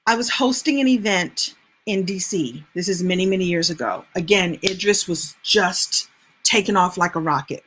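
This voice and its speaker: A woman host telling a personal story in a chatty, animated way. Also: lowish voice, a little slow, breathy edge. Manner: animated, chatty, laughs as she tells. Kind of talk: casual storytelling monologue.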